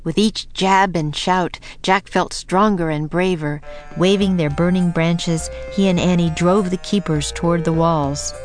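A woman narrating a children's audiobook in a slow, deliberate reading voice. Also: on the low side, fairly even intonation, soft background music.

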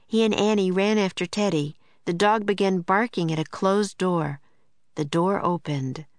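A woman narrating a children's story in a measured, clear storytelling manner. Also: medium pitch, dry recording. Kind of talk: audiobook narration.

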